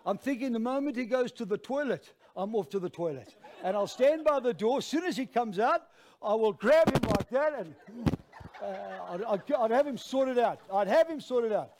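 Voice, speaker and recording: An Australian man preaching with a high-pitched voice. He tells the story with lively, self-mocking energy and turns to the congregation often. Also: moderate pace, background noise. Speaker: pastor. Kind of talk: storytelling sermon.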